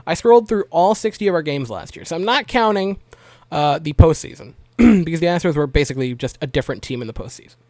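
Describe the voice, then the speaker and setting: A man's voice: on the high side, expressive, fast talker, a little mellow, no room sound. A young man giving a casual, chatty baseball game recap with joking asides and frequent fillers.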